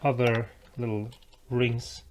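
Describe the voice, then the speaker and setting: A man building an electric guitar, thinking aloud in a relaxed way with fillers and restarts. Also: medium pitch, slow pace, a little hiss or hum. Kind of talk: casual workshop narration.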